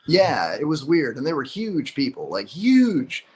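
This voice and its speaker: Chatty comedian man, slightly high voice. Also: huge pitch swings, unhurried, rough recording. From Chicago. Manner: laughs often, many fillers. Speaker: stand-up comedian guest. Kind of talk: casual storytelling.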